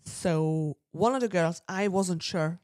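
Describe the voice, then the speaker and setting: A woman co-hosts a podcast, telling a story in loose, chatty fashion. She often clears her throat and slips into other people's voices as she recounts what they said. The sound is close and dry. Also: fairly low pitch, slow, a little mellow, dry recording. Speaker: podcast co-host. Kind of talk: casual storytelling chat.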